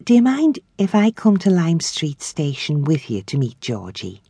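A woman reading an audiobook, voicing a shy young woman who speaks softly and hesitantly. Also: deep voice, huge pitch swings, moderate pace, slightly rough, no echo, studio quality, full character voice. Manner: hushed and hesitant.

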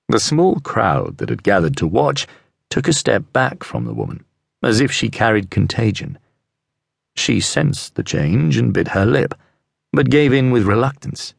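A male audiobook narrator, telling a historical mystery in a measured, expressive way. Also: medium pitch, gravelly, dry recording. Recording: dry close studio mic.

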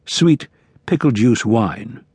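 A man voicing a quiet, guarded young ex-convict who speaks flatly and briefly. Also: slow pace, husky, no echo, full character voice. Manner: laconic, flat, low-key.

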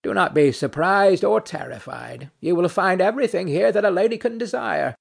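A man's voice: high voice, lively intonation, normal speed, creaky, breathy edge, heavily acted. A man reading a play aloud, voicing a weary, ironic nobleman who speaks in a dry, mocking, philosophical way. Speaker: audiobook narrator.

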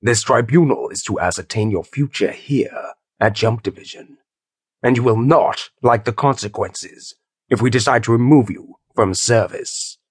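A man's voice: medium pitch, unhurried, breathy edge, dry recording. Audiobook judge, stern and imperious, barks his lines, read by a man; dry studio. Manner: barking, growling. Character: stern imperious male judge, easily enraged. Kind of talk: audiobook character voice.

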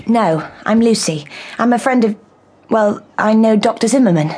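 A blunt, quick-witted young woman with a Northern English accent in an audio drama. Her voice sits a little high, and her manner stays down-to-earth. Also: a little mellow, slightly rough. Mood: flustered. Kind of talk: radio drama acting.

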